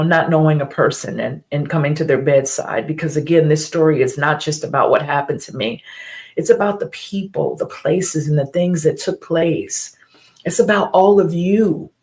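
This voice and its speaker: Earnest middle-aged woman telling her story. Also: low voice. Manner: earnest and emphatic, repeats key phrases. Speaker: host of a live stream. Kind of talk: emotional personal storytelling on a live stream.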